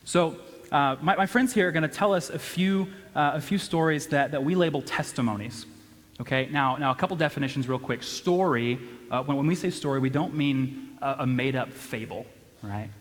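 A young man telling a funny personal story to an audience at a church event, animated and self-deprecating, with lots of restarts and "right?". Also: fairly high pitch, moderate pace. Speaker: church speaker. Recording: long hall reverb.

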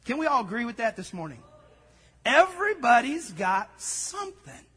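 A man preaching a sermon, telling a story and acting out the dialogue with lively energy. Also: very high-pitched, normal speed, slightly rough, big-room sound. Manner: storytelling, animated, acts out dialogue. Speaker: pastor.

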